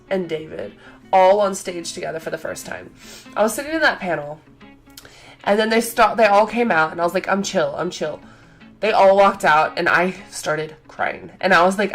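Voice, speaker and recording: A young adult woman vlogger telling a story in an excited, gushing, chatty way, full of fillers. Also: medium pitch.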